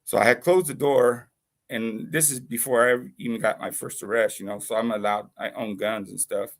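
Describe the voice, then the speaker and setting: A man's voice: medium pitch, fairly even intonation, a little fast. A man casually telling a long personal story, swearing freely, rambling, and checking in with "you know what I mean?". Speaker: YouTube channel host.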